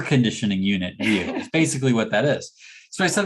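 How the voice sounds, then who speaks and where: A man's voice: medium pitch, fairly quick. A man giving a motivational keynote talk, telling a story and acting out the dialogue. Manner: animated storyteller who acts out dialogue. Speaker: motivational speaker.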